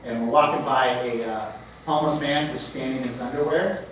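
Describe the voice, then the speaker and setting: A man's voice: mid-range voice, fairly quick, slight background noise. A man in his forties from Portland, Oregon, doing crude, profane open mic stand-up and bantering with the crowd in a small venue. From Portland, Oregon, USA. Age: 40s. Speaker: stand-up comedian. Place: small comedy venue, indoors. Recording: echoey venue, distant mic.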